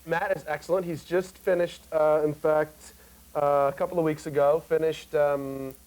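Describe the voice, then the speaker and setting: A man in his twenties, a guest actor on a talk show, telling stories in an animated, joking way with lots of fillers. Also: fairly high pitch, moderate pace, rough recording. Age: 20s. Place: TV studio before an audience.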